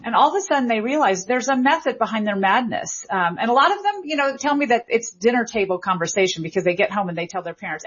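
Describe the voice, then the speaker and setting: A woman's voice: fairly high pitch, slightly rough. A woman, a linguistics professor, answering questions in a radio interview with an enthusiastic, explanatory manner. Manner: enthusiastic, explanatory, quick bursts when excited. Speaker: linguistics professor and author, guest. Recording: slightly muffled broadcast audio.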